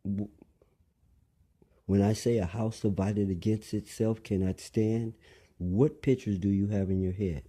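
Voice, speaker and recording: A man's voice: fairly low pitch, fairly even intonation, a little slow, pauses often, mellow, breathy edge. A man delivering a rambling monologue, lecturing listeners, repeating phrases and asking them pointed questions.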